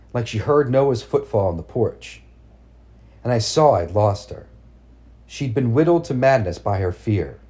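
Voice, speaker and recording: A man reading a first-person story aloud as narrator, in a measured, hushed storytelling manner. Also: medium pitch. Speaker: audiobook narrator.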